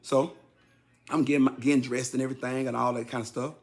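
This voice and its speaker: Speaking quickly, this animated man in his fifties shares a personal story directly with his listeners in a casual way. He repeats himself for effect, and his voice jumps high and loud each time he acts out a quote.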